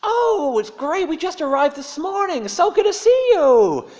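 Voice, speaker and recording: A man voicing a loud, overly cheerful male American tourist with an American accent. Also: extremely high pitch, very animated, a little slow, pitched above the performer's own voice, full character voice. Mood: gushing. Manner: overly cheerful, chatty, piercing. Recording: dull lo-fi sermon recording.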